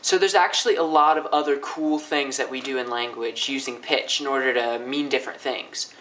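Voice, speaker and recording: A young man teaching linguistics in a casual, upbeat way, often swinging his pitch up and down to demonstrate. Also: steady tone, moderate pace, bright, forceful tone, low-quality recording. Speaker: language teacher. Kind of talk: casual educational explainer.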